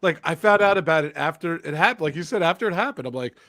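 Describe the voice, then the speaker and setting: Lively, teasing man with a bouncy voice. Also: fairly high pitch, dry recording, studio quality. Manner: animated, teasing, quick to laugh. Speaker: podcast co-host. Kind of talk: casual chat.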